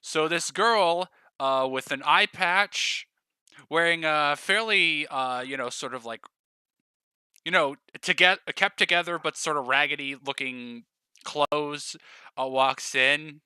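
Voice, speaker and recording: A man's voice: on the high side, slow pace, sharp tone, smooth, no echo. A man narrating a tabletop game as game master, in a loose, rambling way with lots of fillers.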